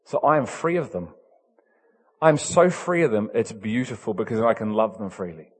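Animated New preacher man. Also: lowish voice, moderate pace, slightly rough, in a large hall. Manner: animated, emphatic, swings from loud to soft. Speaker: pastor. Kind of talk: storytelling sermon.

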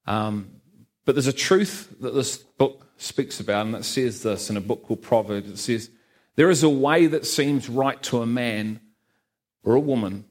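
A man's voice: mid-range voice, a little slow. Earnest Scouse-accented man giving testimony. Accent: Liverpool (Scouse), softened by New Zealand. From Liverpool, England. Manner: conversational and earnest, many "you know" and "um" fillers, light humour. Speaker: guest speaker giving testimony. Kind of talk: personal testimony to a church congregation. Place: church hall with a live congregation.

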